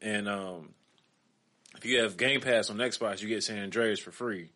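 A man's voice: on the low side, normal speed, sharp tone. A man co-hosting a podcast in casual chat, loose and laughing, with lots of fillers. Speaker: podcast co-host.

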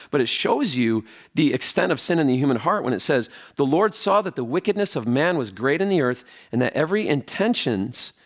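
Lively-voiced male preacher. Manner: conversational preaching with lively pitch and filler words. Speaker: pastor. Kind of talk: sermon.

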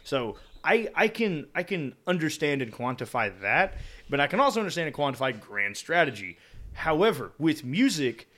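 A man's voice: on the high side, moderate pace. A young man co-hosting a podcast, chatting casually and ranting with lots of swearing. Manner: profane, animated rants. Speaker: podcast co-host. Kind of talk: casual chat.

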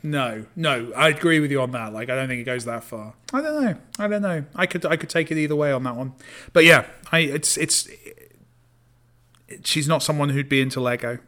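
Bright-voiced joking man. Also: mid-range voice, lively intonation, fairly quick. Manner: joking, self-deprecating. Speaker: podcast co-host. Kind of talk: casual chat.

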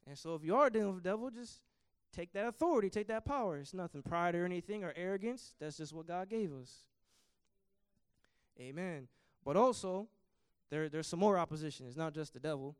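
Impassioned high-voiced young preacher. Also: male voice, animated, fairly quick, smooth, dry recording, studio quality. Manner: impassioned preaching, surges in volume on scripture quotes. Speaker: youth preacher. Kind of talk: sermon. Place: church.

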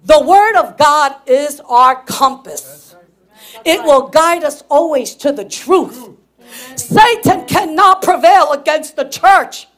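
A woman pastor preaching a sermon, telling a personal story in an animated way, laughing and breaking into shouts. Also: high voice, slow pace.

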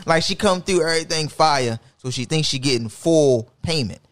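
A man's voice: a little high, a bit bright. A young man hosting a podcast, joking crudely and teasing his guest in casual chat. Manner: teasing, crude, quick jokes. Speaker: podcast host.

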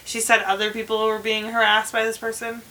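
A woman's voice: fairly high pitch, completely flat delivery, brisk, pushed and bright. A young woman co-hosting a podcast in casual chat, chiming in with short questions and reactions. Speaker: podcast co-host.

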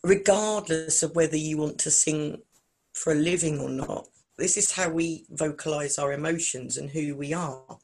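A middle-aged woman, a singer and vocal coach, telling her story to an interviewer in an animated, expressive way. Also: deep voice, moderate pace, breathy edge. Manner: animated, expressive, acts out other people's lines in quotes. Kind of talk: emotional conversational storytelling.

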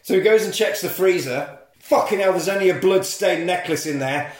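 A man's voice: high-pitched, normal speed. A man recapping a film plot as a podcast host, jokey and sweary. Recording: echoey room.

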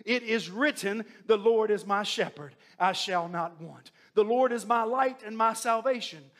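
A man's voice: sits high, a little slow. A man preaching a sermon, delivering a rhythmic repeated refrain and quoting scripture.

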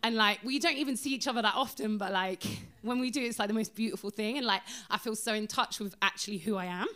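A woman speaks at an event in a gushing, rambling way, filling her speech with fillers. Her voice sits at a middle pitch. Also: quick pace, sharp tone. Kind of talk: casual speech to a crowd.

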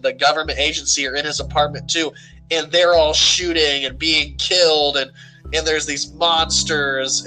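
A man talks casually through a movie review, telling the scenes with animated energy. His voice is fairly high and bright, and soft music plays underneath. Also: rough recording. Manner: animated, storytelling recaps. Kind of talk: casual chat.

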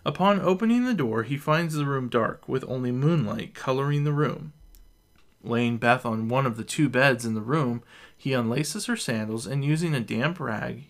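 A man narrating a fantasy story in a steady, even storytelling manner. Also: mid-range voice, moderate pace. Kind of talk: audiobook story reading.

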